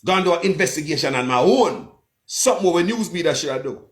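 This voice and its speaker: A man's voice: on the high side, animated, fast. Impassioned Jamaican man on a livestream. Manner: impassioned, keeps calling out to viewers as people. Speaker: blogger hosting a livestream. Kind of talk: livestream commentary with a phone-in guest.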